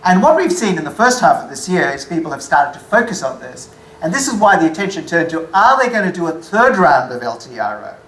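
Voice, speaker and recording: A woman with a low voice delivers a lecture-style presentation, walking through slides. She talks with dry, wry asides and corrects her own figures mid-sentence. The room is echoey, with a faint hum of ambience behind her. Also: very animated, fairly quick. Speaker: speaker giving a presentation.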